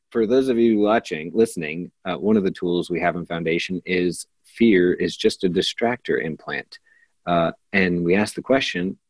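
American man, podcast guest, lower voice, dry recording, chatty and gushing. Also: dry recording. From Kansas, United States. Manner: chatty and effusive, full of "like" and "oh my God". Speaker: podcast guest, class facilitator. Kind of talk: casual conversational interview.

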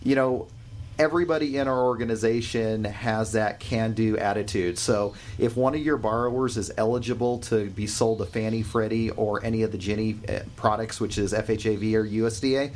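A man who heads a lending company gives a steady, reassuring pitch on a call. His voice sits fairly low, with a faint hum of background noise. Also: brisk. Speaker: company head, mortgage lender. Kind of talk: conference call, business pitch.

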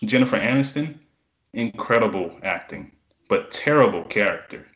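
A man with a fairly low voice chats about a TV series on a podcast, often stumbling and restarting his sentences. His voice comes through a roomy space with a slightly dull, lo-fi sound. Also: expressive, moderate pace, a bit bright. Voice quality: hesitant, stammering restarts. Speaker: podcast co-host. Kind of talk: casual TV review chat.

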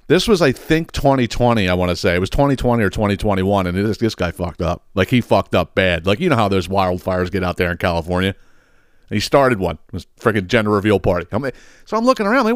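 A man hosting a podcast, ranting casually and profanely, often laughing at his own stories. His voice sounds smooth and resonant, recorded close and dry with almost no room sound. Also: lowish voice, expressive, quick pace, no echo. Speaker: podcast host. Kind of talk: casual comedic rant.

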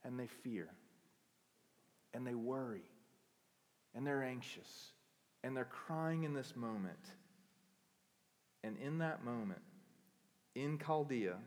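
A man preaching a sermon as pastor, moving between quiet reflective passages and loud impassioned peaks. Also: mid-range voice, big-room sound.

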